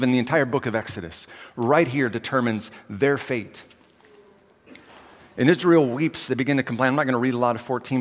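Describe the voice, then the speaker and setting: Pastor, male, mid pitch, dynamic sermon delivery, hall echo. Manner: dynamic, swings from loud to quiet.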